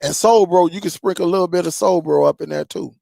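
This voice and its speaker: A man's voice: sits high, quick pace, creaky, a little mellow. A man hosting a streaming tech channel, chatting loosely with his viewers in a rambling way and laughing often. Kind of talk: casual livestream chat with viewers.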